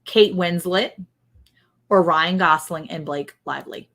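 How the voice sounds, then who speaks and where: A woman's voice: on the low side, a little slow, fairly bright tone. A woman hosting a casual livestream, quizzing her co-host and reading viewer comments aloud. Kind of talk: casual chat, running a guessing game.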